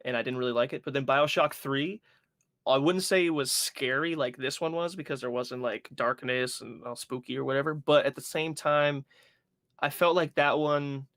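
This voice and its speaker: Young guy on a podcast, super animated, swears a lot, dry close mic. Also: medium pitch, normal speed, dry recording. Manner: animated storytelling, swearing, acting out his own reactions. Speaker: podcast co-host. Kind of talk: casual chat.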